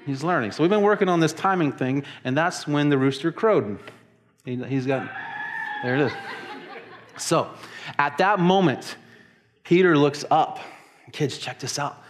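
A man preaching to his congregation, telling the story with lively emphasis and acting out quoted lines. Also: on the high side, unhurried, long pauses. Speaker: pastor. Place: church service in a large hall.

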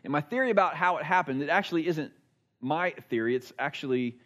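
A man preaching at a church service, with a voice pitched a little higher than most men's. He talks in an earnest, conversational way and stacks repeated phrases to build his point. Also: animated, a little fast, a bit bright, muffled recording. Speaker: pastor. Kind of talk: sermon.

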